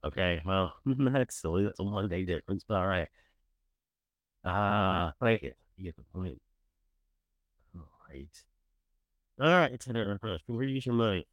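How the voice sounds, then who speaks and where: A man's voice: low-pitched, lively intonation, measured pace, pauses often, no echo. A man hosting a morning talk show, giving blunt, profane opinions in a casual style. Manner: blunt, profane, swings from scornful to gushing.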